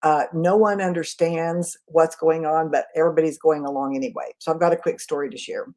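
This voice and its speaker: A woman communication trainer in a live webinar, answering chat questions in a quick, conversational way. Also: deep voice, steady tone, darkish tone. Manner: quick, conversational, self-aware.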